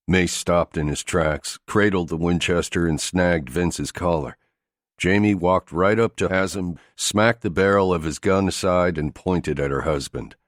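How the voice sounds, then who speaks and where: A man reads an action thriller audiobook in a steady, gritty delivery. His voice sits very deep, and the recording is close and dry with no room echo. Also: a little slow. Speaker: audiobook narrator. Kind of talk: scripted narration of an action thriller.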